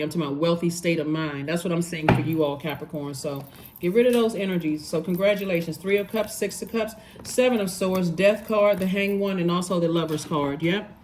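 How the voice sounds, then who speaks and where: Woman doing a rambly tarot reading, lowish voice, says stuff twice to drive it home. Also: slight background noise. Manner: emphatic, repeats phrases for stress; conversational, loose and rambling. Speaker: tarot reader. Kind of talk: casual tarot reading monologue.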